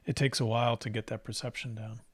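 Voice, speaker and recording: A man's voice: medium pitch, flat delivery, quick pace, breathy edge, no echo. An easygoing man with a mid-range voice chats about painting technique on a live stream. He talks loosely and likes to joke. His voice sounds close and dry. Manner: easygoing, joking. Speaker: co-host and painter. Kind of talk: casual live-stream chat.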